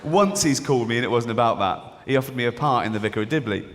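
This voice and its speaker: A middle-aged English man doing stand-up comedy, sardonic and mock-apologetic, breaking into shrill put-on voices. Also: quick pace, slight background noise. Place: large theater stage before an audience. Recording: live concert recording in a reverberant hall.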